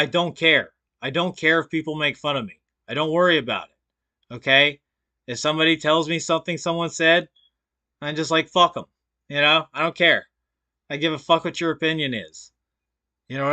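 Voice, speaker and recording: A man's voice: fairly high pitch, pushed and bright. A man co-hosting a live stream, reacting with sarcastic, profane mockery in a casual chat. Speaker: stream co-host.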